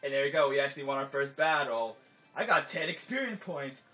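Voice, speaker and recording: A man's voice: mid-range voice, expressive, a little fast, pushed and bright. A man giving casual gameplay commentary, rambling, with lots of filler words, and often trailing off mid-sentence. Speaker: let's play commentator. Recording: dull lo-fi recording with game music under it.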